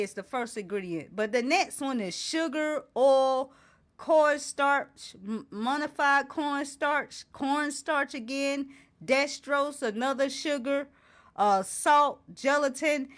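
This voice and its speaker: It's a woman's voice that sits high, with a fairly bright tone. As host of her own talk show, she delivers an impassioned piece to camera, reading ingredients out in indignation and firing off repeated rhetorical questions.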